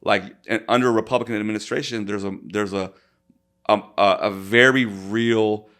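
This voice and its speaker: A man's voice: on the low side, steady tone, normal speed, a bit bright. A man co-hosting a casual podcast, talking things through thoughtfully with many restarts and repeated words. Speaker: co-host, college professor.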